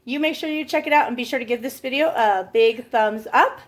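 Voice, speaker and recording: A woman's voice: fairly high pitch, brisk. A woman hosting a casual family vlog, gushing and encouraging in a motherly way. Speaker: family vlog host, parent.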